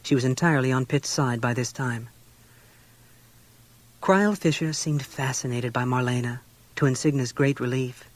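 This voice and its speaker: A man reading a novel aloud in a steady, measured way. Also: mid-range voice. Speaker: audiobook reader.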